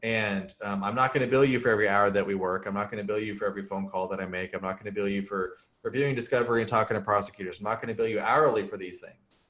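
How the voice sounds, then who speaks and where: A man's voice: on the low side, steady tone, racing, few pauses, a bit bright. A man hosting a casual chat as a criminal defense lawyer, easygoing and joking, explaining things plainly with everyday examples.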